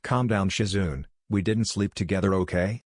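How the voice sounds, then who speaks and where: A weary, blunt woman healer from a fanfiction story, spoken in a tired and plain way as a male reader gives her lines. The voice stays low and the sound is dry and close. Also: normal speed, dry recording.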